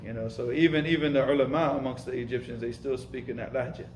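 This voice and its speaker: A man's voice: mid-range voice, steady tone, fast, reverberant, a little hiss or hum, poor audio. A man teaching an informal lesson, speaking casually and emphatically, repeating himself and mixing in Arabic terms. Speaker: Arabic and Islamic studies teacher. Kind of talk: informal lesson with live questions.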